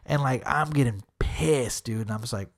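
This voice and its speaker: Man in casual chat retelling a run-in, cusses freely, lots of filler words, animated delivery. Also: mid-range voice, normal speed, creaky. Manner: heavy swearing, fillers like "literally" and "dude"; animated retelling, acting out quotes.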